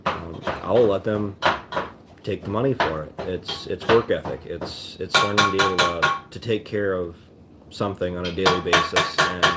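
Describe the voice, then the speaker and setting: Male farmer vlogger, casual and plainspoken, lowish voice, noisy ambience. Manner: rambling, plainspoken, many restarts. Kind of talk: casual chat to viewers.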